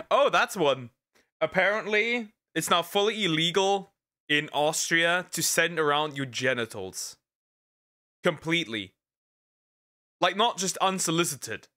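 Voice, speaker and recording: Male VTuber, reaction host; bright tone, wide swinging pitch, exclaiming. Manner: exclaiming, disbelieving, jumps to high squeaky outbursts. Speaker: VTuber streamer reacting to a video. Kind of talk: live reaction commentary.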